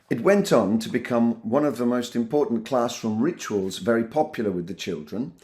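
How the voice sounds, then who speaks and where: A middle-aged man, a teacher trainer, giving an instructional talk to teachers and acting out classroom phrases in animated voices. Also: mid-range voice.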